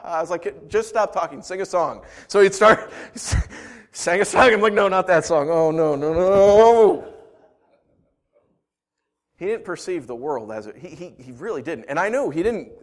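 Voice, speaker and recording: A male pastor preaching a sermon, telling lively stories with frequent restarts and rising excitement. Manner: animated storytelling, rising pitch and volume in anecdotes, frequent restarts.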